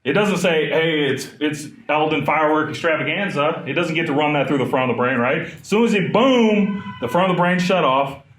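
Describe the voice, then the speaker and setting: A man in his thirties giving a live trauma training talk, animated and conversational, often asking the room questions. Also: on the high side, brisk, hardly any pauses. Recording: echoey room.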